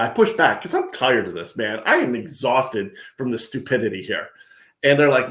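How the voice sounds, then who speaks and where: A man co-hosting a casual podcast, telling a story in an animated, ranting way. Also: medium pitch, fairly quick. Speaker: podcast co-host. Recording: roomy echo.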